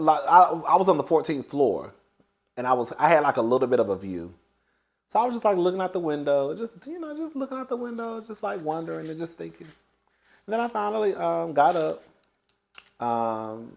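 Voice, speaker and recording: A young man telling a casual storytime to his viewers, animated and chatty, often calling the listener "girl" and jumping into high excited bursts.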